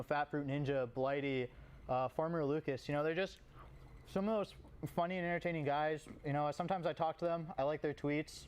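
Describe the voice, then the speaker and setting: A man's voice: on the high side, smooth. A man streamer giving a casual, rambling sponsored fan testimonial, peppered with "you know" asides and talking while eating a snack.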